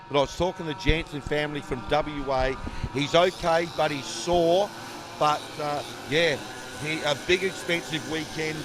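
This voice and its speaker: A man's voice: fairly high pitch, noisy background. A man chatting and telling stories as co-commentator at a kart race, rambling with fillers. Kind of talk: casual trackside storytelling. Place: outdoors at a dirt kart track.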